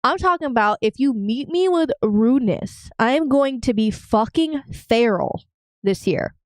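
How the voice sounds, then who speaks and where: A woman's voice: on the high side, expressive, measured pace, dry recording. A woman co-hosting a podcast in casual chat, ranting heatedly and swearing a lot. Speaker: podcast co-host.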